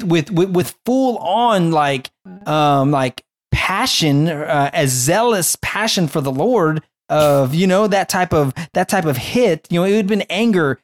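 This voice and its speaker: Animated rambling young man telling a story. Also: on the high side, normal speed. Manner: animated, rambling with many restarts and fillers. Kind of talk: casual faith-based storytelling.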